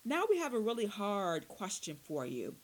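A woman's voice: medium pitch, huge pitch swings, moderate pace. A woman voicing a cocky male vampire hunter who cracks corny jokes at his prisoner. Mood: mock praise. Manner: mocking, jokey.

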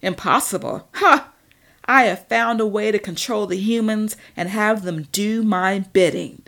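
A woman's voice: on the low side, measured pace, creaky, fairly bright tone. Woman reading as a gloating male vampire lord. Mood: boastful. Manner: mocking, boastful. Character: scheming, power-hungry male vampire leader. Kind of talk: audiobook reading.

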